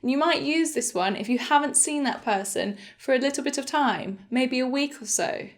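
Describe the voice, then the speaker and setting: A young woman leads a beginner English lesson with a slightly high voice. She speaks slowly and clearly and models each phrase with careful pronunciation. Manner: slow, clear, demonstrative pronunciation of example phrases. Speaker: English teacher.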